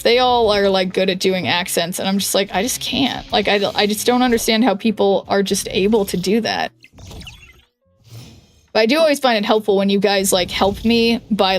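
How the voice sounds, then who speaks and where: Chatty young woman streaming a game. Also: medium pitch. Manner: chatty, thinks aloud, many "like"s and restarts. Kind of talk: casual stream chat while playing a card game.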